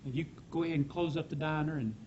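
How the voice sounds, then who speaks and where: A man's voice: on the high side, steady tone, quick pace, darkish tone, highs cut off, natural voice. An actor playing an earnest man, folksy and reassuring, ready to spread the word. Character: earnest Southern preacher-type husband. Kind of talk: live stage comedy acting.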